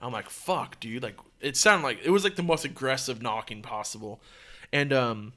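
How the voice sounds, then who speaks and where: A young man hosting a podcast, telling a story in a casual, profane, animated way. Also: mid-range voice, normal speed. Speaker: podcast host.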